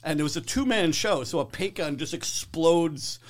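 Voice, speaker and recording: Animated high-voiced man telling stories. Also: moderate pace. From English-speaking, not French-native. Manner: animated storyteller, acts out voices. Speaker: guest comedian. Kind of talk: casual podcast chat.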